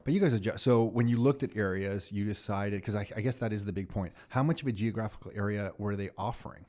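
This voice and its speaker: Casting: quick-paced male host from Canada, playful and ribbing. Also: on the low side, darkish tone. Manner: teasing, quick questions. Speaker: podcast host. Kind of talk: casual interview chat.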